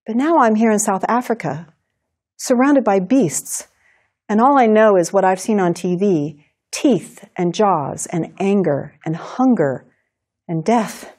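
Woman, writing instructor, recorded lecture, clear, measured, mid-pitched. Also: animated, darkish tone.

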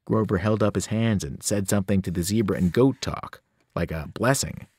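A man, a teacher, reading a novel aloud with expressive storytelling. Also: on the low side, moderate pace, husky, dry recording, studio quality.

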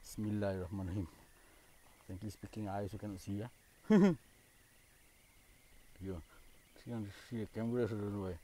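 A man with a Singaporean English accent, live-streaming from a dark park at night and chatting casually, joking and bantering, with Malay phrases mixed in. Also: lowish voice, steady tone, a little fast, pauses often. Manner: jokey, banters with spirits, mixes in Malay phrases. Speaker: paranormal explorer live-streaming.

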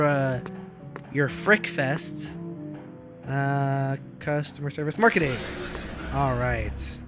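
A young man with a fairly high voice streams a game, speaking slowly over background music. He's animated and jokey, putting on voices for the game's characters.

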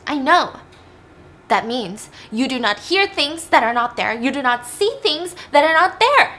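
A woman voicing an angry, drunk, abusive father who shouts threats and swears. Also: a little high, animated, moderate pace. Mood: furious.

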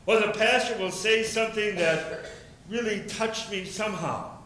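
A man preaching a sermon as pastor, telling the story with lively questions in the voices of the crowd. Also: high-pitched, moderate pace, a little hiss or hum. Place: church sanctuary. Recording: echoey church room.

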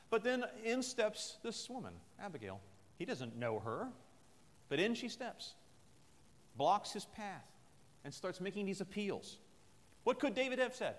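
A man with a slightly high, very animated voice preaches at a moderate pace during a military chapel service, retelling a scripture story in an earnest, conversational manner. The chapel adds a long reverb to the recording.

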